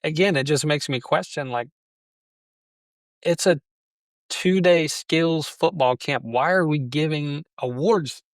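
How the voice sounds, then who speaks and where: A man's voice: on the high side, slow, long pauses, dry recording. Reflective man telling parenting stories. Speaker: podcast guest. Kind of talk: conversational interview.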